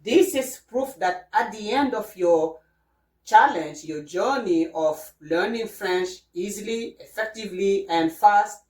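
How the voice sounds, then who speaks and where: A woman's voice: fairly low pitch, darkish tone, far from the mic. A woman teaching a beginner French lesson, spelling out letters one by one and checking in with the listener often. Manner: patient, repeats and spells out letters, checks in with "okay?". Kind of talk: slow beginner language lesson. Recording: roomy, from away from the mic.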